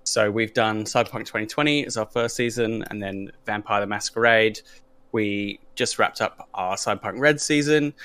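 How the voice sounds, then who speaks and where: A man with a bright, forceful voice pitched a little low, talking casually about his tabletop game projects. He stumbles through plenty of ums and uhs and restarts as he goes. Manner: hesitant, many fillers and restarts. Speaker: podcast host and game master. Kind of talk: casual panel chat.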